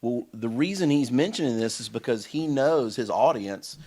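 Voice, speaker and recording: A man's voice: medium pitch, lively intonation, normal speed, mellow. A man co-hosting a casual Bible study podcast, explaining scripture earnestly and often checking in with his listener. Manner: earnest and explanatory, checks in with "you know what I'm saying". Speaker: podcast co-host.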